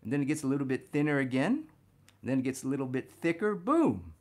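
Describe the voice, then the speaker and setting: A man teaching a figure drawing lesson as he sketches, talking warmly to viewers as "my friends" and getting excited about the details he spots. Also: mid-range voice, very fast. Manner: enthusiastic, talks to "my friends" while drawing. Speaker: art instructor.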